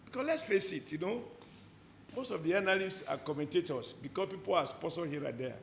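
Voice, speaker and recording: A Nigerian man speaking as a politician in an interview, forceful and rhetorical, hammering home short repeated phrases. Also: fairly high pitch, lively intonation, a little fast, gravelly, echoey room, slight background noise.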